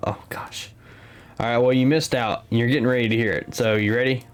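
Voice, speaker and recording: A man's voice: mid-range voice, steady tone, fast talker, clean tone. A man co-hosting a live tabletop game stream, chatting casually and laughing easily. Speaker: stream co-host and commentator.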